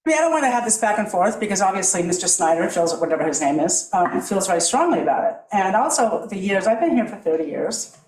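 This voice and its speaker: A woman's voice: medium pitch, big pitch swings, fast, a little mellow, roomy sound, poor audio. A middle-aged woman making an emotional, rambling, apologetic public comment at a podium in a town meeting room. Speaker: homeowner speaking at a public hearing.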